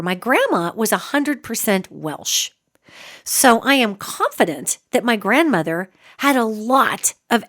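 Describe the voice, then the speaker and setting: A middle-aged woman hosting a radio show, telling a family story in a lively, animated way with emphatic asides. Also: on the high side. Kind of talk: storytelling monologue.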